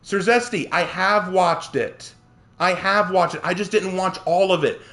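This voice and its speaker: A man's voice: sits high, unhurried, fairly bright tone. A man streaming a game and ranting to his chat in a heated, indignant way, answering viewers by name. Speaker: streamer and writer. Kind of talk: live-stream rant to chat while gaming.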